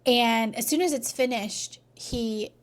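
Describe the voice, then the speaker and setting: A woman's voice: a little high, slow. A woman coach telling a faith-based story in casual talk, often checking in with "right?" and dropping to near-whispers at emotional points. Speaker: relationship coach.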